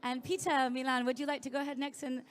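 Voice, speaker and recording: A woman's voice: sits high, flat delivery, fast. A woman moderating an online panel, gracious and upbeat as she hands off to speakers. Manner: upbeat, gracious hand-offs.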